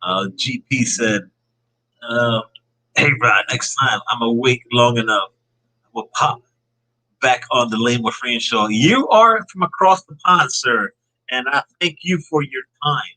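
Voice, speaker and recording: A man's voice: mid-range voice, a little slow, sharp tone, low-quality recording. A man hosting a casual live-stream podcast chat, upbeat and reading out viewer comments. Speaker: podcast host.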